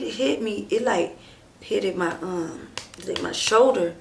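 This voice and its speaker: A woman telling a personal story on her vlog, talking straight to her viewers with lots of "like" and "and stuff", acting out what people said and dropping to a hushed near-whisper at tense moments. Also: mid-range voice, a little hiss or hum. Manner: animated, talks straight to viewers and acts out quoted dialogue; drawn-out fillers and frequent "like", "and stuff". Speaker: storytime vlogger. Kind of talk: casual storytime chat.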